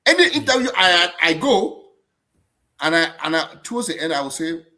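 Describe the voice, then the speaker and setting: This live-stream host, originally from abroad rather than Germany, keeps things casual and chatty at an ordinary speed. His somewhat high voice has a bright, forceful edge and moves widely in pitch, and he tends to repeat words and restart his sentences.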